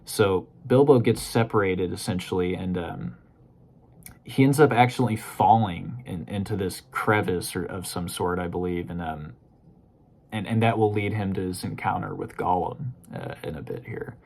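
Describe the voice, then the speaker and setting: A man's voice: low-pitched, moderate pace, vocal fry, a little mellow. A man casually talking through a book he read, rambling loosely and hedging often with "you know" and "kind of". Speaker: book discussion host. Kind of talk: casual spoken book review.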